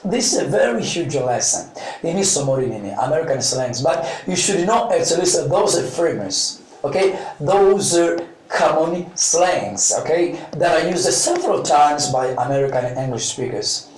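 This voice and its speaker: A man's voice: a little high, animated, normal speed, far from the mic. A man teaching an English lesson, going over each point twice in two languages and often checking with "okay?". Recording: echoey room, voice from off mic.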